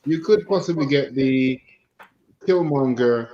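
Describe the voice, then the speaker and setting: A man co-hosting a casual film chat, easygoing with drawn-out phrasing. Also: medium pitch, dark tone, lo-fi sound. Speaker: podcast co-host.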